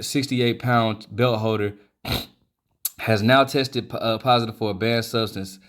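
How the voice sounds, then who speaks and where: A man giving casual boxing commentary in slangy talk, acting out what others said. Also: mid-range voice. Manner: slangy, animated, acts out quotes.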